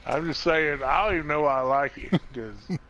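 A man's voice: on the high side, moderate pace, dull audio, crowd noise. A man gamer in a profane party chat, ranting at a friend in mock indignation and swearing a lot.

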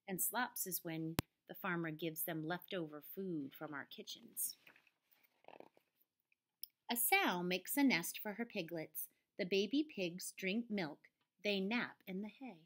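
A woman teacher reading picture books aloud to young children, slow and expressive with playful voices. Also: lowish voice, a little hiss or hum.

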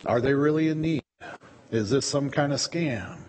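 A man's voice: medium pitch, normal speed, darkish tone. A man preaching a sermon as pastor, in a conversational way that often repeats words as he goes. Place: church sanctuary. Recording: long church reverb.

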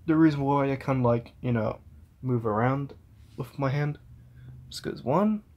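Young NZ male vlogger, unhurried and meandering, talking into a phone at arm's length. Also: medium pitch, darkish tone, lo-fi sound. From New Zealand. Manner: rambling, trails off, chuckles between thoughts. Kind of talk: casual vlog chat. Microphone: phone held at arm's length.

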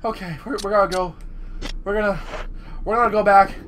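A man giving profane, jumpy let's-play commentary, yelling at the game as he plays. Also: high-pitched, fairly even intonation, brisk, a little hiss or hum. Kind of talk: gameplay commentary.

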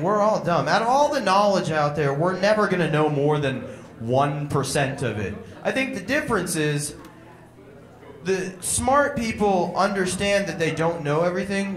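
A man's voice: high voice, roomy sound. A young man performing a crude, irreverent stand-up comedy set, mocking and blunt. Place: comedy club stage.

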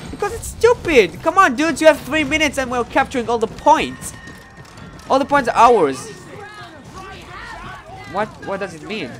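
A man giving live gameplay commentary. He is excitable and swears often, and he sounds frustrated during matches and more hesitant when looking back afterward. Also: extremely high pitch, moderate pace, pauses often, soft background music.

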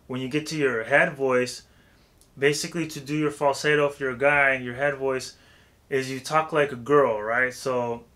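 A man walks through a vocal warm-up in an easygoing, conversational way. His voice sits at an ordinary middle pitch, and he keeps tossing in casual filler phrases as he explains. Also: fairly even intonation, moderate pace. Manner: loose and chatty, heavy with "like" and "you know what I'm saying". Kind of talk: casual spoken tutorial.

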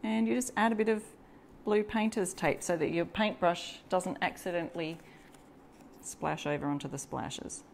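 This is an Australian woman with a slightly low voice, walking viewers through a craft project live. She chats easily and reads out viewer comments as she goes. A faint background hum sits under her voice. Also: normal speed, vocal fry. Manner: chatty, greets and reads out viewer comments while working. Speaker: DIY crafter hosting a live stencil demo. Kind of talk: casual live tutorial.

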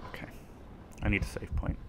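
A man commentating on his own playthrough of a video game, full of sarcastic, joking asides. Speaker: let's play host. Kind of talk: gaming commentary.

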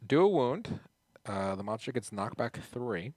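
A man's voice: mid-range voice, sing-song, measured pace, a little mellow, no echo. A man playing a tabletop game with a friend, answering rules questions and joking around. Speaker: co-player. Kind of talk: casual tabletop game play.

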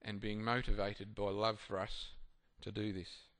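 A man with a slightly low-pitched voice preaches a sermon. He moves between reading scripture aloud and talking it over in an unpolished, conversational way. He often stops to restart a thought. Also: little pitch movement, a little slow, fairly bright tone. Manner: conversational and hesitant, many fillers and restarts. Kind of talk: sermon with Bible reading and casual reflection.

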